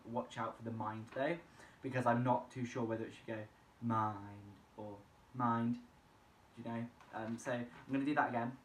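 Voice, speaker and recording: A man's voice: mid-range voice, far from the mic. A man thinking aloud about his own singing practice, talking through each attempt and picking out what to fix. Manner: self-critical, talks through each attempt. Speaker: singing student. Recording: echoey room with faint hum.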